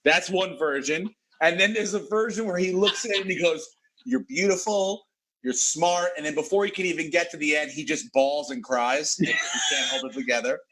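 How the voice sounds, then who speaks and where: Bright-voiced man riffing comedy bits. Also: fairly high pitch, fairly quick, hardly any pauses. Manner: riffing, teasing. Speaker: comedian guest. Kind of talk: casual comedy banter.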